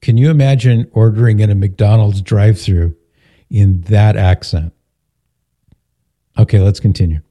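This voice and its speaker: Teasing radio host man, dark voice. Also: lowish voice, steady tone, unhurried, long pauses. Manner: joking, teasing. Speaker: radio talk show host. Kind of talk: casual radio banter.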